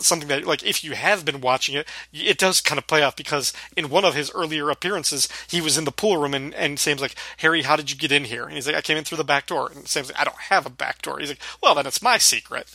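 A man's voice: fairly high pitch, pushed and bright, no echo. A man co-hosting a casual podcast, recapping a sitcom episode, acting out lines and laughing often. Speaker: podcast co-host.

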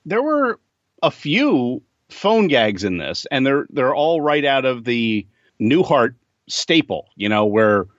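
Lively-voiced man analyzing a sitcom. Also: medium pitch, slow, no echo, muffled recording. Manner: analytical, points out jokes and timing. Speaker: podcast host. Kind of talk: casual podcast chat about a sitcom.

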